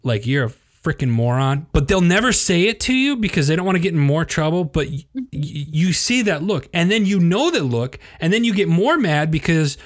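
A man's voice: a little high, sing-song, normal speed, few pauses. A middle-aged man co-hosting a podcast, telling a story in casual chat and laughing as he talks. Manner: rambling, laughs through stories. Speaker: podcast co-host.

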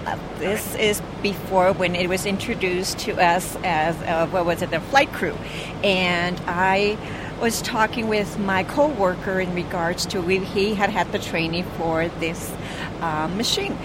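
A woman who works as a flight attendant, casually telling a funny work story with animated quoting. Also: lowish voice, a little slow, background noise.

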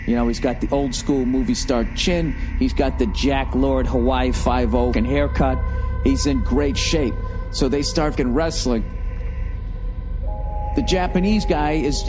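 A man telling a wrestling story in a casual, animated way, swearing often. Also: mid-range voice. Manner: animated, profane, laughing storyteller.

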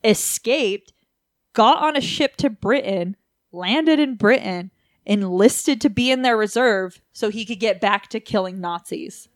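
A woman's voice: medium pitch, a little slow, no echo. A woman co-hosting a casual podcast, telling a story and joking irreverently with lots of swearing. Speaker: podcast co-host. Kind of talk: casual profane chat.

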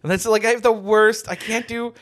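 Young man co-host, casual podcast chat, rambling, animated storyteller. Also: high-pitched, fairly quick. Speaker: podcast co-host, game master.

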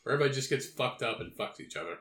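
A man's voice: medium pitch, lively intonation, very fast, fairly bright tone. A man co-hosting a podcast in casual banter, goofy, joking and swearing. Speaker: podcast co-host. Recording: echoey room.

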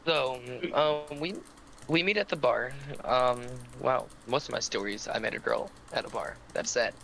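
A man with a gravelly, fry-edged voice and a bright, forward tone tells a long, rambling story on a casual podcast. His sentences are full of fillers and restarts. When teased, he trips over his words. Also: mid-range voice, moderate pace, slight background noise, rough recording. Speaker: podcast co-host.

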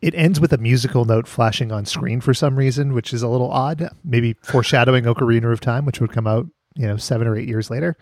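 A man's voice: medium pitch, fast, hardly any pauses, darkish tone, no room sound, clean studio sound. A man hosting a casual podcast, wry and laughing, swearing now and then. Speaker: podcast host.

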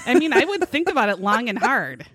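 A woman's voice: fairly high pitch, very animated, fairly quick, fairly bright tone, husky, no room sound, studio quality. A woman co-hosting a casual podcast, chatty and jokey with crude humor, often laughing as she talks. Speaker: podcast co-host.

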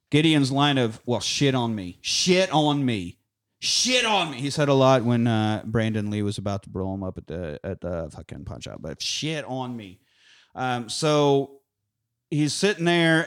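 Male podcast host, profane and laughing, casual film recap with acted-out lines. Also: mid-range voice. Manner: swears a lot, laughs, acts out movie lines.

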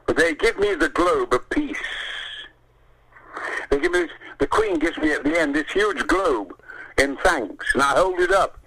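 Gravelly, lively older storyteller. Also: male voice, a little high, measured pace, poor audio. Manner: theatrical storyteller, swears often, acts out voices. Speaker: interview guest. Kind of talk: animated anecdote telling.

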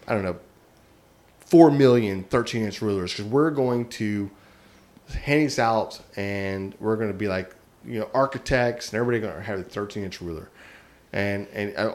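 A man's voice: lowish voice, darkish tone. Rambling man telling a prank story. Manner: rambling, self-amused, many restarts and "like". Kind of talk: casual storytelling.

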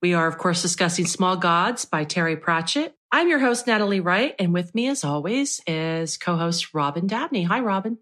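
A woman hosting a podcast in a casual chat, bubbly and quick to laugh. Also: on the low side, expressive, a bit bright. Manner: bubbly, laughs often, gushing. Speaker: podcast host.

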